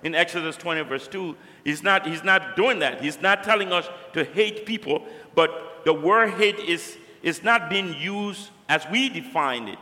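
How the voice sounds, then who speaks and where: A man's voice: a little high, lively intonation, measured pace, hardly any pauses, sharp tone, in a large hall. A man preaching a sermon, emphatic and fond of repeating key phrases for stress.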